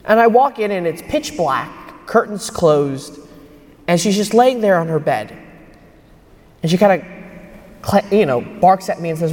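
A man's voice: high-pitched, animated, moderate pace, pauses often, a little mellow. A young man giving a homily at Mass as a priest, telling a personal story in an earnest way. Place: church. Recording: long church reverb.

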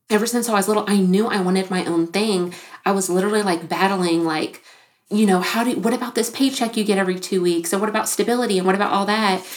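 A woman in her thirties, a podcast guest telling her own story in casual talk, animated, with frequent "like" fillers and acted-out quotes. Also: medium pitch. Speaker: podcast guest, business founder.

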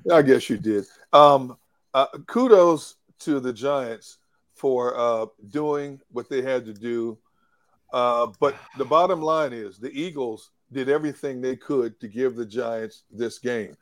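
A man's voice: mid-range voice, unhurried, no echo. A man breaking down a football loss on a post-game show, emphatic and opinionated. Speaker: sports analyst.

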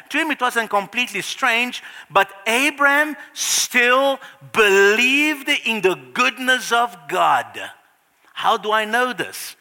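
A male preacher with a high-sitting voice tells a Bible story during a sermon in a reverberant church hall. He's animated, restarting often and dropping suddenly into hushed passages.

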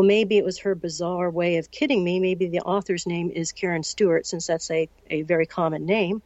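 A woman in her sixties from the United States, recounting a personal story as an interview guest in a measured way and acting out the dialogue. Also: fairly low pitch, a little mellow, dry recording. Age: 60s. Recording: dull, lo-fi recording.

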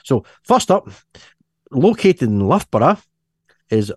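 A man's voice: mid-range voice, expressive, moderate pace, a little mellow, no echo, clean studio sound. A Scottish man hosting a casual podcast chat, rambling and chuckling as he reads items out. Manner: rambling, chuckling, self-interrupting. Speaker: podcast host.

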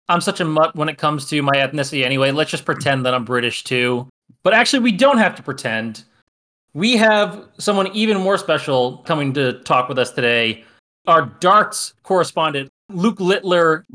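A man co-hosting a casual podcast, playful and animated. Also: on the high side.

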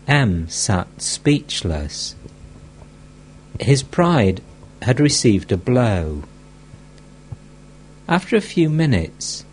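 Slow, expressive male audiobook narrator. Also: mid-range voice, a little hiss or hum. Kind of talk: scripted narration.

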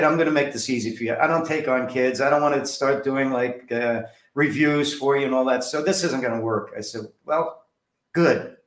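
In an interview, a New Jersey author and director animatedly tells stories from his own life, acting out everyone he quotes. He speaks in a mid-range voice, and the sound is reverberant.

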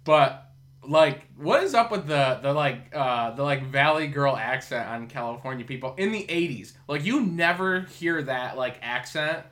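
A man's voice: medium pitch, animated, unhurried, fairly bright tone. A man hosting a podcast in casual chat, rambling with lots of fillers and swearing. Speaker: podcast host.

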